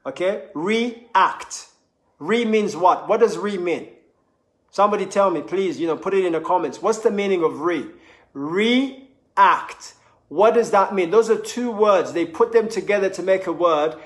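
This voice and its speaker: A man's voice: high-pitched, echoey room. A man giving a motivational talk, repeating phrases for emphasis and acting out quoted speech. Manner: repetitive, emphatic, acts out quoted voices. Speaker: motivational speaker.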